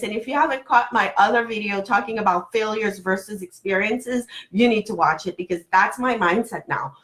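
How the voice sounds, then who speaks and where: Excited, encouraging woman with a cracking voice. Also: a little high. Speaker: business coach. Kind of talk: motivational talk to camera.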